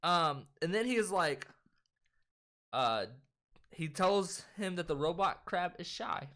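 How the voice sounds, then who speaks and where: A young man with a slightly high voice retells a movie in an animated, profane rush. He jumps into quoted lines as he goes, casual and unpolished, like friends talking on the couch. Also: takes it slowly. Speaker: co-host. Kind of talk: casual movie recap chat.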